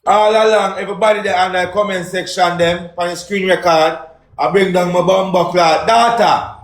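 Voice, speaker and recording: A man's voice: high voice, fairly even intonation, normal speed, roomy sound, a little hiss or hum. A Jamaican man in an angry, profane livestream rant, repeating himself. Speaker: social media personality.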